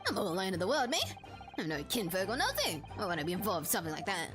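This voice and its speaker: A rough-talking street peddler man, put on by a woman reading a game aloud, gruff and folksy in an ordinary register. He tacks "eh" and "lad" onto his lines. Game background music plays clearly under the voice. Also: medium pitch, very animated, racing, close to an everyday voice. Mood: defensive.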